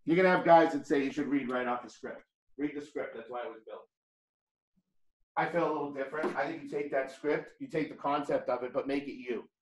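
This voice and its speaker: A man's voice: mid-range voice, a little fast. Man, thick Boston accent, blunt and jokey, classroom training, echoey room. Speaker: real estate trainer.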